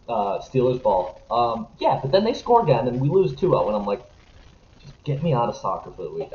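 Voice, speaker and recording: A young man on a sports podcast, ranting and swearing as he swings from low grumbling to loud outbursts. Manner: animated, profane, jumps between grumbling and shouting. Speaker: podcast co-host. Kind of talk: casual sports podcast rant. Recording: roomy, slightly dull podcast audio.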